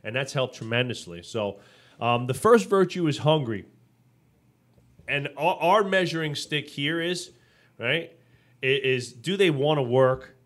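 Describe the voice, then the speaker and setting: A man co-hosting a business podcast in a loose, conversational way. He tells stories with energy, slips into acted-out quotes and stumbles through restarts as he goes. His pitch sits in an ordinary middle range. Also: a little slow. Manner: animated storytelling, acts out quotes; frequent restarts and fillers. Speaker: podcast co-host. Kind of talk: casual business podcast chat.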